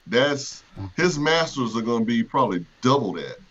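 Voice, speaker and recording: A man's voice: mid-range voice, sing-song, normal speed. A man chatting on a casual podcast, hesitant and full of fillers. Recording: muffled remote line with faint hiss.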